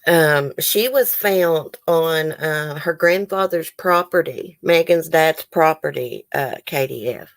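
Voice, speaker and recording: A woman's voice: low voice, takes it slowly, gravelly, hardly any pauses, dry recording. A woman hosting a true crime livestream, near tears, sighing and talking to viewers in the chat. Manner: emotional, tearful, sighing, talks to chat. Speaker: true crime channel host. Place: home, near the case area.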